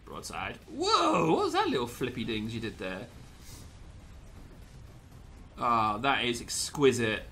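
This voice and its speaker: A man's voice: medium pitch, wildly swooping pitch, moderate pace, pushed and bright. A young man commentating gameplay with a lot of energy, yelping, laughing and slipping into pirate growls.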